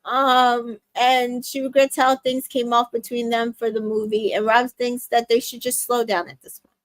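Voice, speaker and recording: A woman's voice: fairly high pitch, little pitch movement, moderate pace, no echo. A young adult woman casually recapping a reality show, retelling scenes with quoted lines, many fillers and small laughs. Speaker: recap host.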